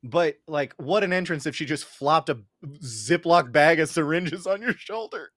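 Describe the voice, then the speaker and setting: A man playing a tabletop game, speaking casually with halting starts. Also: fairly high pitch, expressive, fairly bright tone, no room sound, clean studio sound. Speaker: player. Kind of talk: tabletop play.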